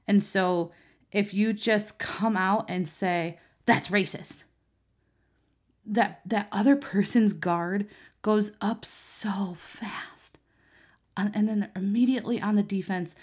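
Her voice is medium-pitched and a little mellow. She's a thirty-something mother who vlogs, speaking earnestly to camera in a conversational style marked by frequent fillers and restarts.

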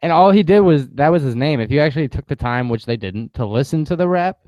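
A man co-hosting a podcast in casual chat, animated and slangy, full of fillers. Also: on the high side, fast, no echo. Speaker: podcast co-host.

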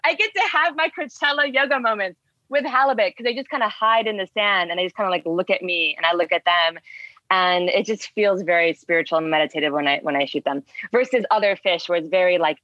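A woman talks through her experiences in a loose, animated way, peppering everything with fillers. The sound is dry and a little dull, with no room around it. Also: lowish voice, fairly quick, dry recording. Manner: rambling, filler-heavy, animated. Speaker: spearfishing guest. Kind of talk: casual storytelling chat.

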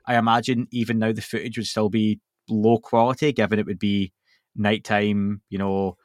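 A man's voice: lowish voice, flat delivery, normal speed, no room sound, studio quality. A man hosting a podcast, chatting casually and rambling with fillers. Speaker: podcast host.

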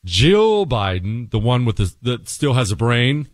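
Talk radio host, male, drawl, lively exasperated delivery, dry close mic. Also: mid-range voice, moderate pace, no room sound. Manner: animated, exasperated, joking. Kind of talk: political talk radio monologue.

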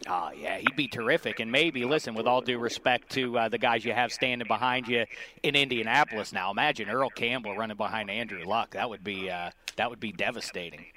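A man's voice: medium pitch, brisk, pushed and bright, a little hiss or hum. A man hosting a sports radio interview, playful and teasing, with rambling questions. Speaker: radio host interviewing an athlete.

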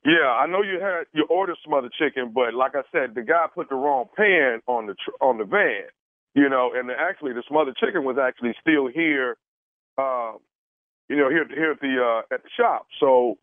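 A man's voice: mid-range voice, normal speed, dry recording, close to an everyday voice. A man playing a stammering apologetic caterer. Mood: sheepish. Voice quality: hesitant, stammering with many uhs. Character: fumbling male caterer, apologetic and evasive. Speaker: radio prank caller. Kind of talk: prank phone call. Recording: tinny phone line.

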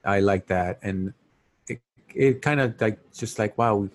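A man's voice: fairly low pitch, a little slow. A man chatting casually and easily about a movie, often repeating his points. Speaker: podcast co-host. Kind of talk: casual movie review chat.

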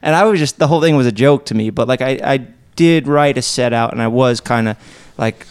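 A man's voice: medium pitch, fairly quick, clean tone. A young man co-hosting a podcast, telling stories in a laid-back, casual way and swearing freely. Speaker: podcast co-host. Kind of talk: casual chat.

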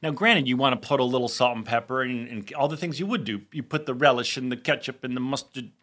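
A man's voice: medium pitch, fast talker. A man co-hosting a podcast in casual chat, telling behind-the-scenes stories and acting out little voices. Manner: animated storyteller, acts out voices. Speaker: podcast co-host.

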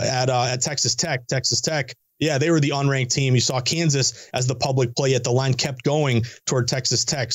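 A man talking as a sports betting guest analyst, energetic and rattling off stats with casual asides. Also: medium pitch, dry recording, clean studio sound. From New England. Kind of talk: fast sports betting talk on a call-in line. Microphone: phone or remote line.

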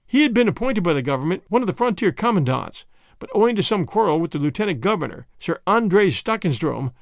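High, lively male audiobook narrator. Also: no room sound, studio quality. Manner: measured first-person storytelling.

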